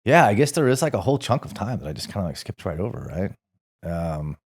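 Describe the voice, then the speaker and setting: A man with a very low, deep voice recounts his military years as a guest on a podcast. He talks in a relaxed, meandering way, with plenty of fillers, and he swears without a second thought. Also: a little fast. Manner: relaxed, rambling, salty storytelling with fillers and swearing. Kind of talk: casual storytelling interview.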